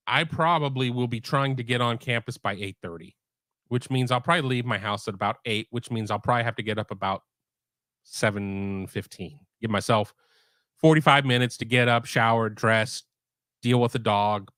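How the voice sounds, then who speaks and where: A man's voice: mid-range voice, fairly bright tone, dry recording, studio quality. A middle-aged man hosting a sports talk stream from home, rambling casually with frequent restarts. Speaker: sports podcast host. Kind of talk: casual live-stream chat. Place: home room.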